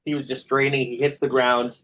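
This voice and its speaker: A man runs a tabletop session as game master, describing scenes in a loose, halting way packed with fillers. His voice sits at an ordinary middle pitch for a man. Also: level tone, fairly bright tone.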